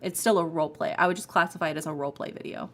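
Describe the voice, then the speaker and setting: A woman streamer and ASMR creator chatting casually with her viewers, animated and opinionated, laughing often. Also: deep voice, rapid-fire, a little hiss or hum. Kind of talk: casual chat on a livestream. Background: faint lofi music.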